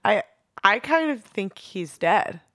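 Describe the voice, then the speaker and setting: A woman's voice: mid-range voice, big pitch swings, slow pace, a bit bright, no room sound, clean studio sound. A young woman co-hosting a podcast in casual chat, laughing easily and agreeing with short replies. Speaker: podcast co-host.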